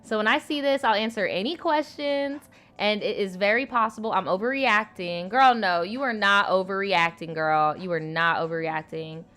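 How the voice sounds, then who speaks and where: A woman's voice: medium pitch, normal speed, few pauses, fairly bright tone. A woman in her twenties reading viewer stories aloud and reacting to them in a blunt, profane, slangy way. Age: 20s. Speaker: host.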